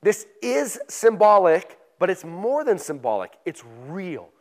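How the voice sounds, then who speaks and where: A pastor with a notably high voice delivers a relaxed, conversational sermon. He reads scripture aloud slowly and with emphasis, then explains it in everyday words.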